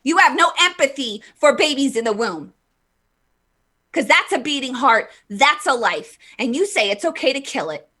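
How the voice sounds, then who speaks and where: A woman's voice: high voice, expressive, moderate pace, sharp tone. A woman hosting a live vlog, ranting heatedly with emphatic stress and stumbling restarts while reading viewer comments. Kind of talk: impassioned live political rant.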